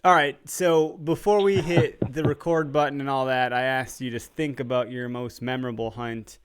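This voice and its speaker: A man's voice: medium pitch, steady tone, moderate pace, clear, resonant tone, no echo, clean studio sound. A man hosting a casual live-stream conversation, upbeat and joking, who asks his guest to share stories. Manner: upbeat, jokey interviewer who laughs often. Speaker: show host.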